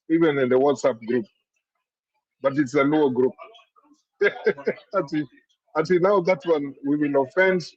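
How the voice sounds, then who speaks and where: A man's voice: a little high, husky, muffled recording. A man with a Kenyan accent chatting on a panel, rambling with many restarts and slipping Swahili into his English. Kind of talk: casual panel chat.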